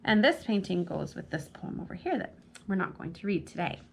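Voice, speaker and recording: A woman's voice: lowish voice, big pitch swings, fairly quick, creaky, a little hiss or hum. A woman hosting a children's storytime at a library, reading poems and chatting with young kids, asking them questions as she goes. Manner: chatty, addressing kids directly with frequent questions. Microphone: camera mic.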